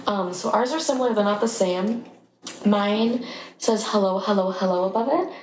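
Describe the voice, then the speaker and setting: A woman's voice: medium pitch, moderate pace, a little mellow. A young woman co-hosting a podcast, chatting and telling stories with lots of giggles. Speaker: podcast co-host. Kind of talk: casual chat. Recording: echoey room with faint noise.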